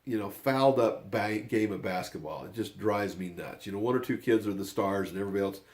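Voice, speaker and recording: A man's voice: on the low side, a little fast. An older man, a grandfather, telling a family story in a rambling, casual way, often circling back with "anyway".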